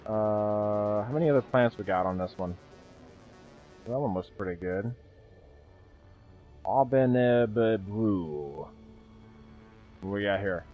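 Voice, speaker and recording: A man's voice: fairly low pitch, moderate pace. A young man streaming a game, rambling casually, swearing freely and chatting with viewers. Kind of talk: casual live-stream chat. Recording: dull lo-fi stream audio with faint music.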